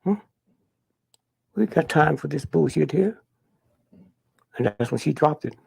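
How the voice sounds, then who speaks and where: An older man, telling stories in an interview with a blunt, profane manner and a husky, gravelly voice. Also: fairly high pitch, animated, a little slow, darkish tone. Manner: blunt, profane, punctuating with "huh?". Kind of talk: candid storytelling interview.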